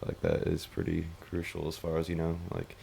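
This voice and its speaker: A man's voice: low-pitched, monotone, brisk, vocal fry, mellow, slight background noise. A young man chatting casually as a podcast guest, hesitant with lots of fillers. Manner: hesitant, many fillers and restarts. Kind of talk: casual chat.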